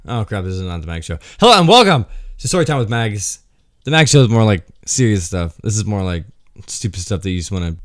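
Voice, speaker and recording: A man's voice: lowish voice, fairly bright tone, no room sound, clean studio sound. A young man and former military firefighter, telling rambling, wry stories in a casual vlog. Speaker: firefighter storyteller.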